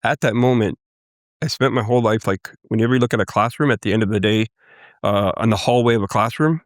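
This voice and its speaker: Low-voiced man telling his story earnestly. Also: no room sound, clean studio sound. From Canada, First Nations Cree. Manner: earnest, halting storytelling with restarts. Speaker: guest. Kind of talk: personal testimony in interview.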